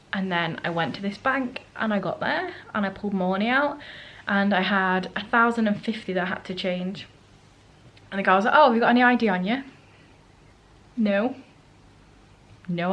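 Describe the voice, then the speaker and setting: A woman's voice: mid-range voice, fairly bright tone, rough recording. Chatty self-mocking woman vlogger. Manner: chatty and self-mocking, acting out what people said. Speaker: travel vlogger. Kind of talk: casual storytelling to camera. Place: holiday rental flat.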